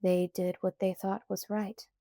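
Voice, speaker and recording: Stern steady shopkeeper father, read by a woman, firm, measured, mellow, dry. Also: mid-range voice, dry recording, lightly acted.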